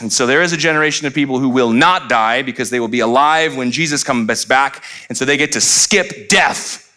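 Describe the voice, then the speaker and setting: A man's voice: mid-range voice, brisk, bright, forceful tone. A middle-aged man preaching a sermon as pastor, conversational and playful, acting out little quoted voices.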